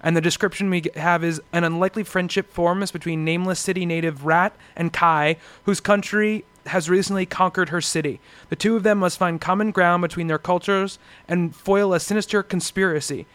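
A man's voice: high-pitched, steady tone, fairly quick, hardly any pauses, fairly bright tone, dry recording. A man hosting a comics podcast, reading out news items and laughing often in casual chat. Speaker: podcast host.

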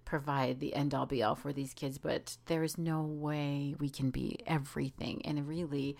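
A woman co-hosting a podcast and speaking as a mother, earnest and expressive in casual chat, often trailing off and restarting. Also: low-pitched, moderate pace, gravelly.

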